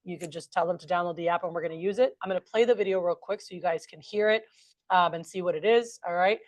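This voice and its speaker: A woman's voice: fairly low pitch, fast, dry recording. A woman leads a training session in a chatty, upbeat way. She talks straight to a room full of trainees. Her voice sits close and dry, with almost no room sound. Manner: chatty, upbeat, addresses the group as "you guys". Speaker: sales trainer. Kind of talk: training a group. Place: meeting room with a large group.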